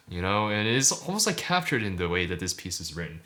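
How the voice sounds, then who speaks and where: A man, a pianist, gives casual, enthusiastic reaction commentary on a performance, full of fillers and excited outbursts. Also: fairly low pitch, a little fast, hardly any pauses. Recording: piano music playing behind.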